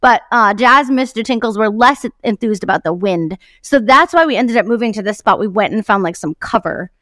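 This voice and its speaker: A woman's voice: medium pitch, expressive, fairly quick, a bit bright, dry recording, studio quality. A woman co-hosting a podcast, chatting in a casual, enthusiastic way and laughing often. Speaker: podcast co-host. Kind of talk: casual chat.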